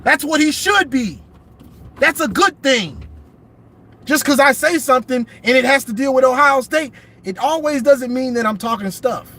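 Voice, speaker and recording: Very high-voiced man ranting in his car. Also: expressive, normal speed, sharp tone. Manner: emphatic, repeats himself, drawling. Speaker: sports commentator vlogger. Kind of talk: casual car livestream rant. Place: inside a car.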